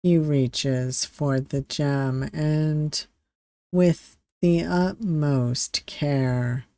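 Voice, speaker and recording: Game streamer narrating a visual novel, very slow and deliberate, dry recording. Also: medium pitch, fairly even intonation, warm tone, no echo. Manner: slow, deliberate reading with asides. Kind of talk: reading a visual novel aloud.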